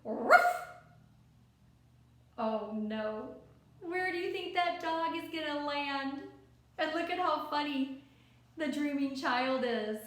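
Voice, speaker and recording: High soft-spoken woman reading a kids picture book, slow and gentle, asks lots of questions, super echoey room. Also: lively intonation. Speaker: storyteller.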